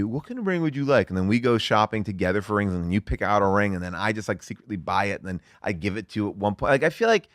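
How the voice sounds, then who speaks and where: A middle-aged man chatting as a guest, telling a story in a lively way with lots of fillers and some swearing. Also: fairly low pitch, no echo, clean studio sound. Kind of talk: casual chat.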